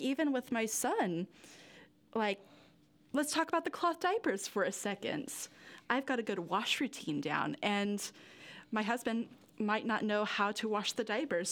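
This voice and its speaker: A young woman giving a candid personal interview, rambling with lots of fillers and nervous little laughs. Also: a little high. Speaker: interview guest.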